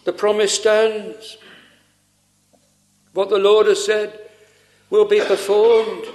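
A man preaching a sermon in an earnest, pleading way, full of pauses and rhetorical questions. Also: high voice, little pitch movement, darkish tone.

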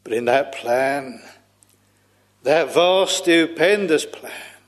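A man's voice: fairly high pitch, animated, in a large hall. A man preaching a solemn sermon, drawing out his phrases and sighing "ah" between them in old-fashioned scriptural language. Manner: slow, solemn, drawn-out preaching with frequent sighing "ah"s.

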